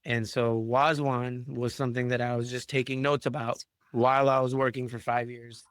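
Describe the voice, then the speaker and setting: A man in his thirties from Chicago tells kitchen stories in an easy podcast chat. He talks with animated swagger and casual swearing. His voice sits in the middle of the range and is recorded in a dry, close room. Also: medium pitch, moderate pace, smooth, no echo. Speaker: chef and podcast guest.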